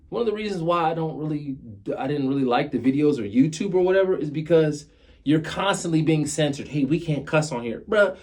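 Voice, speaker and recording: 30s guy doing a motivational vlog, earnest, keeps repeating himself to hammer it home, mid pitch. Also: darkish tone. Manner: earnest and repetitive, drives points home by repeating phrases. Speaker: motivational vlogger. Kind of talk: casual motivational talk to camera.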